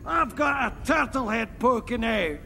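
A gross, greedy brute from a film comedy, with a high, gravelly, piercing voice. He bellows and boasts crudely. The sound has a long reverb tail. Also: lively intonation, measured pace, pushed and bright, slight background noise, exaggerated voice. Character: obese crude greedy Scottish henchman man.

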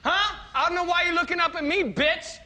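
Man voicing a very high, bright, foul-mouthed heckling president, yelling and repeating himself. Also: brisk, exaggerated voice. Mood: abusive. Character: crude loudmouth male president heckling at a play.

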